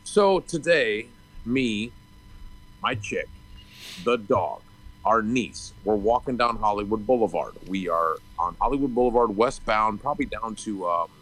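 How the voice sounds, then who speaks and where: A man co-hosting a casual podcast, telling a story in a loud, swearing rant. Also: fairly low pitch, lively intonation, measured pace, low-quality recording. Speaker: podcast co-host. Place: Hollywood.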